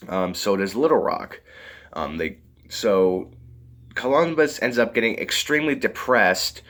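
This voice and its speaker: Casual male movie reviewer, low voice, animated, rambling. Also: a little slow. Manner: rambling, full of fillers, giggles often.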